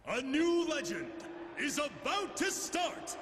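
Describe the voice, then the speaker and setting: A man voicing an over-the-top fight-tournament announcer who hypes each fighter and stretches their names into shouts, in a game trailer. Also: extremely high pitch, big pitch swings, very noisy, exaggerated voice. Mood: hyped. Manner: bombastic hype, drawn-out shouted names.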